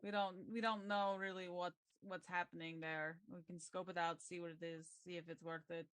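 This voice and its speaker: A woman playing a tabletop role-playing game, chatty and quick to agree with the group. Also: lowish voice, flat delivery, a bit bright, clean tone, no room sound. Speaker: player.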